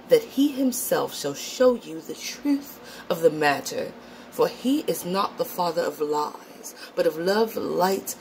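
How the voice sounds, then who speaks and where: A woman's voice: lowish voice, a little mellow, slight background noise, low-quality recording. A woman putting on a pompous, self-righteous man who preaches in archaic old English, recited in a theatrical mock-Shakespearean manner.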